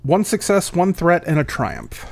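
A man's voice: on the high side, huge pitch swings, measured pace, creaky, noisy background. A man playing a tabletop game, talking casually and thinking aloud about his moves. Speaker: player.

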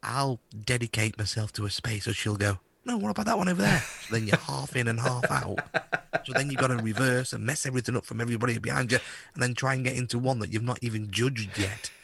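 A man's voice: mid-range voice, fairly even intonation, fast, vocal fry, a bit bright, breathy edge. A man co-hosting a casual podcast, chatting and grumbling jokingly about everyday annoyances. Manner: chatty storyteller, grumbling jokes. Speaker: podcast co-host. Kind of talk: casual banter.

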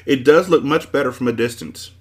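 A man's voice: mid-range voice, brisk, voice pushed up, lightly acted. A man voicing a confused storybook man who swings between extremes and exclaims in a raised voice. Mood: excited, explaining. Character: confused man, both everything and nothing.

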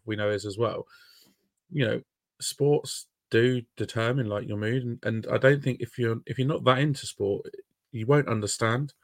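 A man's voice: medium pitch, creaky, no room sound, studio quality. A man from England hosting a casual sports podcast, chatty and self-deprecating with the odd swear word. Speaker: podcast host. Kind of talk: casual chat.

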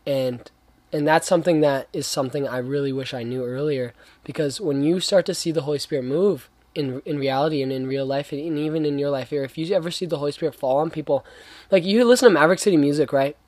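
A man's voice: a little high, fast, darkish tone, dry recording. Young man, earnest casual preacher type, rambling, slangy, dry close sound. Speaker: young Christian speaker. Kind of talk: casual faith talk.

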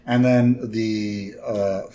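A man's voice: lowish voice, extremely slow. A man co-hosting a podcast, chatting casually as he recaps a cartoon episode and acts out bits of it. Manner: animated, acts out lines and sounds from the episode. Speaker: podcast co-host.

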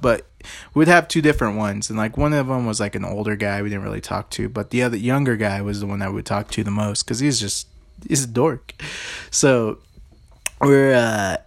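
A man's voice: mid-range voice, creaky. Rambling man telling a story. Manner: rambling, heavy on "like" and fillers. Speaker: vlogger. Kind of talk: casual storytelling.

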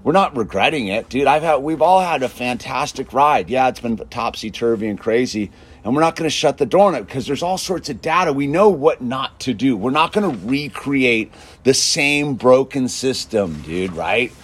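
A man ranting in a casual monologue, emphatic and constantly saying "dude", swinging between loud bursts and low mutters. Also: lively intonation, normal speed, breathy edge. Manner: emphatic, peppers speech with "dude". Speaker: show host.

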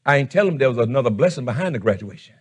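A middle-aged man preaching a fervent sermon as pastor, shouting one moment and dropping low the next. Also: animated, racing, slightly rough.

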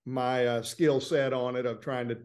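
A man with a Southern accent from Florida speaks in a relaxed, plain-spoken way. He tells stories about his courtroom work like a guest in an informal interview, at an ordinary middle pitch. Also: moderate pace. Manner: easygoing, plain-spoken storytelling. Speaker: trial lawyer guest. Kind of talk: casual interview.

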